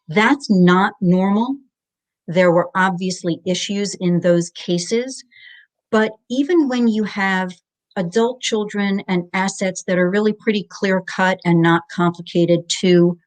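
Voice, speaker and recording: A woman's voice: fairly low pitch, measured pace. A middle-aged woman, a guest in an interview, explaining divorce finances methodically and spelling out jargon step by step.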